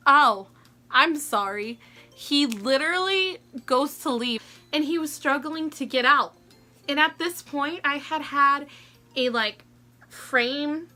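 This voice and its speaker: A woman in her twenties telling a story to camera in a casual, animated way, laughing often and filling her talk with "like.". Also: sits high. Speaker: vlogger.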